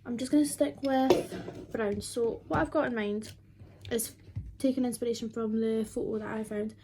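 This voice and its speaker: A woman's voice: fairly high pitch, fairly even intonation, moderate pace, heavy background noise. A twenty-year-old woman, chatting casually and rambling with lots of fillers while doing her makeup at home. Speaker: beauty vlogger.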